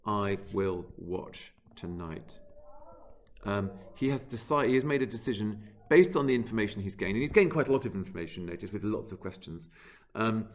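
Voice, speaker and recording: Male teacher, low-ish voice, hesitant lecturing manner with frequent ums, reads quoted lines aloud. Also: expressive, quick pace. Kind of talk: lecture commentary on a play.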